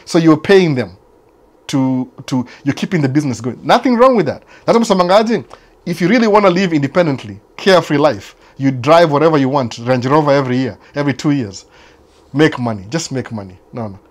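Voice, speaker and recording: Man, kenyan accent, quick delivery, casual host chat, switches between swahili and english, repeats himself, mid-range voice. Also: medium pitch. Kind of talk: casual live chat answering viewers. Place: United States.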